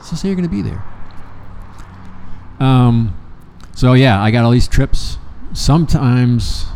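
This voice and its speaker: A man's voice: medium pitch, animated, slow pace, darkish tone, clean tone. A man in his sixties from Michigan, casually telling rambling, profane stories and acting out old conversations. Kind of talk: casual chat.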